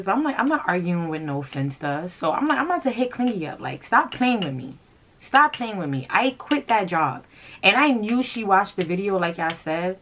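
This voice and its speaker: A woman in her thirties vents straight to camera in a sassy, confrontational rant. Her voice sits on the low side, and she talks like she's catching up with friends. Every now and then she breaks into laughter. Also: fairly bright tone. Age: 30s. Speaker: fashion vlogger.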